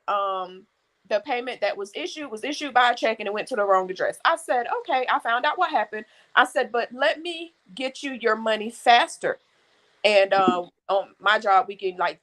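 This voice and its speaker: Woman, co-host, bright tone, animated, frank, casual swearing. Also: a little high, poor audio. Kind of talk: casual storytelling chat.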